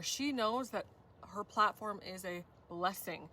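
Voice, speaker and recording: A woman reads tarot cards for viewers in a gushing, effusive way, often turning to them directly. Her voice is bright and forward. She sits a little back from the mic over a faint ambient hum. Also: medium pitch, normal speed, far from the mic. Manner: gushing, repeats "you guys", effusive praise. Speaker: tarot reader. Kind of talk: spiritual tarot reading.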